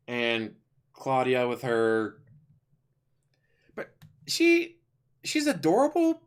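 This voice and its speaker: A man at a middle pitch, talking through an animated show he loves in a loose, unscripted way. He rambles with plenty of fillers and restarts and drops in a casual swear now and then. The tone is easygoing, enthusiastic vlog chat. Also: slow pace, pauses often, clean tone. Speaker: YouTuber reviewing an animated show. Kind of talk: casual spoken review.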